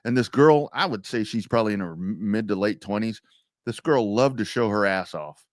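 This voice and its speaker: A man's voice: on the low side, normal speed, no room sound, studio quality. A man co-hosting a sports talk show, telling stories animatedly and reading sponsor ads casually. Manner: animated storyteller, acts out quotes. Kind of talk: casual storytelling chat and live ad reads.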